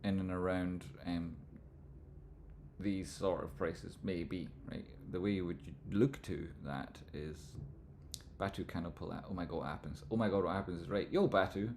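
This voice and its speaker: A man with a Scottish accent hosting a live stream, explaining stock chart analysis in a relaxed, rambling way. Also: low-pitched, moderate pace, a little hiss or hum. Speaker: livestream host, trading analyst.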